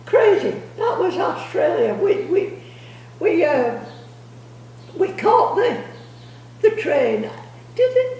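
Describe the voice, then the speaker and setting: Older grandma rambling through old stories, high and gravelly, far off in an echoey room. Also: female voice, slight background noise. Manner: rambling, repeats words, laughs through stories. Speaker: grandmother telling family stories. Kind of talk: casual storytelling. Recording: echoey room, distant mic.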